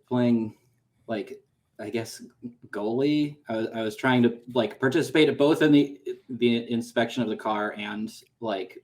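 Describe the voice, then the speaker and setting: A man playing a tabletop game, talking casually with hesitant, rambling phrasing. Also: on the low side. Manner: hesitant, rambling, many fillers. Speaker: player. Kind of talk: casual play chat.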